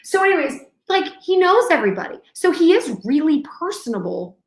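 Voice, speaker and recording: Woman, young adult, highish voice, chatty storyteller, acts out dialogue, echoey room. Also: sing-song, brisk. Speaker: co-host. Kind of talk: casual chat.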